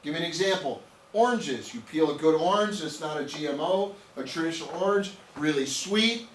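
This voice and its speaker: A man with a slightly high voice teaches a live nutrition class, pressing his points with repetition and frequent "okay?" checks. He is caught from across the room, so the sound is roomy and distant with a faint hiss. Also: expressive, fairly quick. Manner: emphatic, repeats words and asks "okay?". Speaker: nutrition trainer. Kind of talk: live training talk to a small group. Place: room with an audience. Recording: echoey room, distant mic, faint noise.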